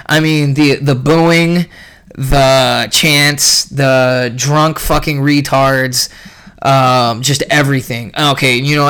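A young man ranting casually about a fight event, profane and rambling, clearly irritated. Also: medium pitch, steady tone, slow pace, fairly bright tone. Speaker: podcast host recapping a fight event.

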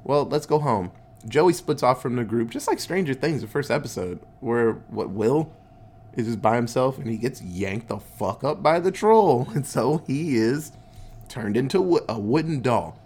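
A man's voice: mid-range voice, animated, normal speed, darkish tone, husky. A man casually recapping a movie, laid-back and swearing a lot, acting out the characters' lines in goofy voices. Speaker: podcast host recapping a movie.

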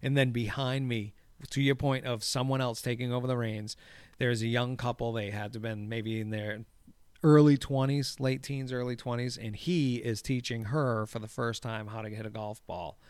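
A man in casual chat about golf, swearing freely and telling stories with lively energy. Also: medium pitch, moderate pace, smooth, dry recording. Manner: profane, animated storyteller. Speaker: podcast co-host.

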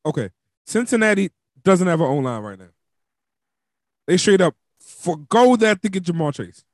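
A man's voice: big pitch swings, moderate pace, a little mellow, no echo, clean studio sound. A man hosting a casual sports podcast, chatty and loose, laughing and filling with "um" and "like". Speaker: podcast host. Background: dog squeaking a toy.

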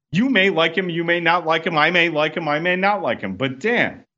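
Agitated male guest on talk radio, bright tense tone over a muffled remote line. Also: fairly high pitch, moderate pace, hardly any pauses. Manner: exasperated, repeats himself, rants.

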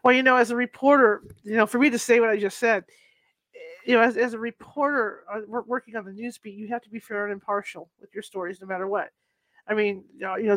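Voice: medium pitch, fairly bright tone, no room sound. An interviewer who once worked as a news reporter, recorded dry and close. He or she talks emphatically, stopping and restarting mid-sentence while searching for words. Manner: emphatic, halting with many restarts. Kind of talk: interview conversation.

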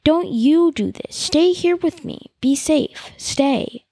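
A woman's voice: high-pitched, expressive, slow pace, mellow, no echo, voice pushed up, heavily acted. A woman voicing a defiant young woman villager, heated and pleading.

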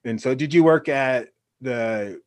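A man hosting a casual interview, speaking in an easygoing, halting way. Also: medium pitch, darkish tone. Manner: easygoing, halting, with many restarts. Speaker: podcast host.

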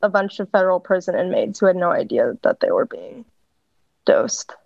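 A woman's voice: on the low side, moderate pace, vocal fry, dry recording. Wry woman on a slightly dull mic. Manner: deadpan and wry, drops dark jokes. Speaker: podcast co-host. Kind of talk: casual chat.

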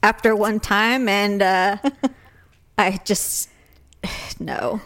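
A woman's voice: medium pitch, fairly even intonation, drawn-out words, a bit bright. A woman co-hosting a comedy podcast who makes blunt, wisecracking asides. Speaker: podcast co-host. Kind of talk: casual comedic chat.

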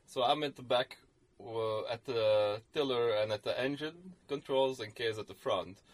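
A man's voice: mid-range voice, moderate pace. A man co-hosting a podcast, telling a story in casual chat, rambling with many fillers and restarts. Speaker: podcast co-host.

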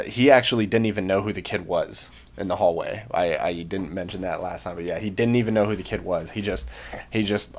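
A young man with a somewhat low voice tells a long story in loose, casual podcast chat. He rambles with plenty of fillers and restarts. Now and then he bursts out acting other people's shouts. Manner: rambling, many fillers, acts out quoted shouts. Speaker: podcast co-host, Marine veteran.

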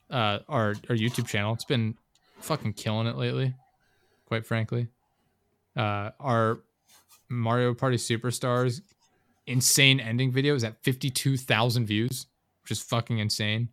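A man's voice: mid-range voice, steady tone, fairly bright tone, no echo, studio quality. Laid-back swearing young man. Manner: loose and profane, retelling scenes with quick impressions. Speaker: podcast host. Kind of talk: casual chat.

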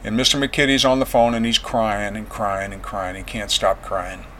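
A man giving a personal testimony as a veteran, plain-spoken and earnest, going quiet on painful memories. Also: on the low side, flat delivery, moderate pace, a little hiss or hum.

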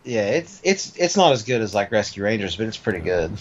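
Fairly low and swinging widely in pitch, this man's voice moves at a fairly quick clip on a muffled recording. He chats easily about video games, hedging his points and cursing mildly, in an easygoing, casual way.

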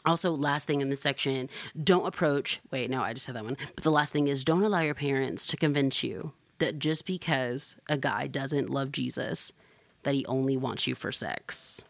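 A young woman hosting a podcast in casual chat, sassy and animated, jumping to high exclamations. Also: normal speed, vocal fry, no room sound. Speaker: podcast host.

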